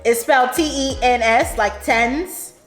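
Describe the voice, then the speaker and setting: This New York-accented woman vlogs a casual mukbang from a home room, eating at a table and laughing often as she tells a story. She speaks at a measured pace in a high-sitting voice, with roomy acoustics and faint background music.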